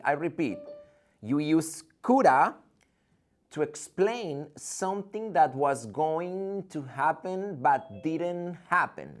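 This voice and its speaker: A man's voice: fairly high pitch, very animated, takes it slowly. Playful, theatrical English teacher man. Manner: playful, theatrical, jokes and acts out student questions. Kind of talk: live online English lesson. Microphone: video call.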